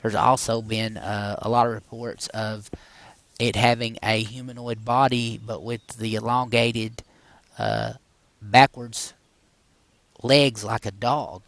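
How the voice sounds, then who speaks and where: A man's voice: fairly low pitch, fairly bright tone, no echo. A middle-aged man hosting a paranormal podcast, talking straight to his viewers in a loose, rambling way with many fillers and frequent asides to "guys". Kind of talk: casual rambling monologue to viewers.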